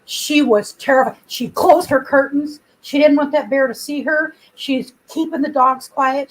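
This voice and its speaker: Woman, high-pitched, casual livestream host, rambling storytelling, built-in computer mic. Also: poor audio. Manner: rambling storyteller, chatty with viewers. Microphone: computer built-in mic, no external microphone.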